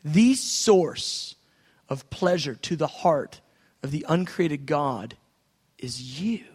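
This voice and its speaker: A man preaching a sermon, moving between quiet reflective speech and loud, excited outbursts as he acts out prayers. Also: a little high, slow, slightly rough, long reverb tail. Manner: swings from soft musing to loud excited outbursts.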